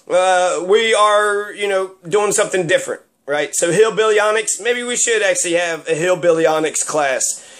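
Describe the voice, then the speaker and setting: A man's voice: high voice, fairly bright tone. A man giving rambling, sarcastic solo commentary with plenty of fillers. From Kentucky.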